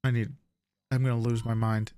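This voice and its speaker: A man's voice: mid-range voice, little pitch movement, normal speed, warm tone. A man playing a police officer in an in-character roleplay argument, defensive and stammering.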